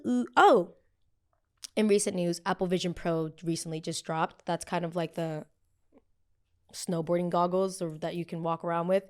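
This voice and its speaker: A young woman hosting a podcast, giving a casual solo pop culture recap in a chatty, animated way, with fillers and sudden excited exclamations. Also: on the low side. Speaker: podcast host.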